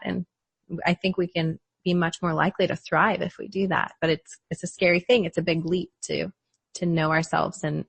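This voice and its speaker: A woman's voice: low voice, creaky, husky, no room sound. A woman psychologist talking reflectively in a casual podcast conversation, often laughing lightly. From United States.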